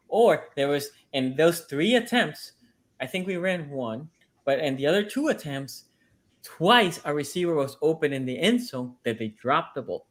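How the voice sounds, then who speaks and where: Emphatic man arguing football, voice pitched a bit high. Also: lively intonation, normal speed, a bit bright. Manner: emphatic, repeats points for stress. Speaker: sports podcast panelist, team fan. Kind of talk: casual sports debate.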